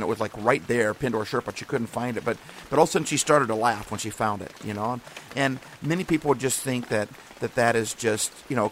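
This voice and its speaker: A man's voice: mid-range voice, vocal fry, a little hiss or hum. A man hosting a podcast, giving a casual devotional talk in an earnest, encouraging way that rambles and restarts often. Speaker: podcast host.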